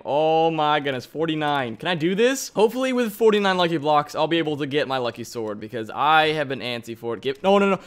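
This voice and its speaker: Young guy playing a block game, high voice swinging all over, yelps and laughs a lot. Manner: yelps, laughs and shouts when startled. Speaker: let's-play host. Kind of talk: excitable gameplay commentary.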